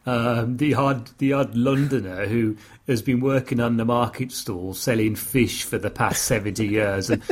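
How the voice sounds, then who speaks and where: An English man in casual chat, reviewing a TV episode with a co-host, chatty and quick to laugh, often stumbling over his restarts. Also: mid-range voice. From Britain. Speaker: podcast co-host.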